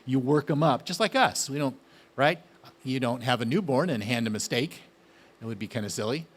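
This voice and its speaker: A man's voice: medium pitch, normal speed, slightly rough. A man giving a casual, enthusiastic gardening talk, often asking his listeners questions. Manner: chatty, enthusiastic, asks the audience questions. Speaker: gardening speaker.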